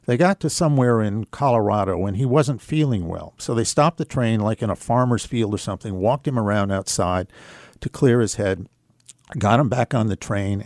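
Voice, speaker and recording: A man with a fairly low voice tells a personal story as a radio show guest. He talks in an earnest, reflective way, unhurried, with the odd filler. His voice comes across close and dry, with no room sound. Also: a little mellow, dry recording.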